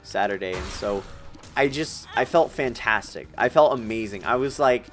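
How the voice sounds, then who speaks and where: A man's voice: lowish voice, animated, normal speed, faint music behind. An eighteen-year-old man telling a long personal story in a rambling, emotional way, with filler words and restarts. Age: young adult. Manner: rambling, emotional, tearing up with nervous laughs. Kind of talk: casual storytelling while gaming.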